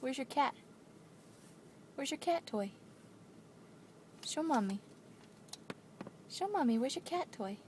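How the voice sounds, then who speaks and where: A mother filming a home video on a handheld camera, coaxing and praising her toddler in a slow, sing-song way. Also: sits high, lively intonation, darkish tone, a little hiss or hum. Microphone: handheld camera she is holding.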